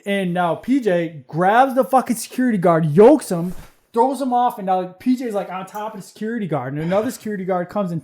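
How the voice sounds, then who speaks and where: A man's voice: sits high, darkish tone. A man telling a street-fight story on a podcast in a casual, slangy, profane way. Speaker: podcast guest.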